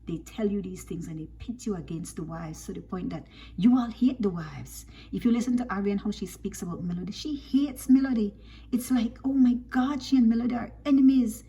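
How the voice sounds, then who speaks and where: A woman's voice: mid-range voice, husky. Scolding woman giving her take. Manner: scolding, animated, rhetorical questions. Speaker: commentator. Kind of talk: opinionated commentary on a reality show.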